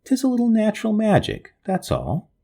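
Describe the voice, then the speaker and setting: A man voicing a pale, sinister ghostly student who speaks quietly and mockingly. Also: high-pitched, wildly swooping pitch, normal speed, vocal fry, voice pushed up, heavily acted. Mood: sly.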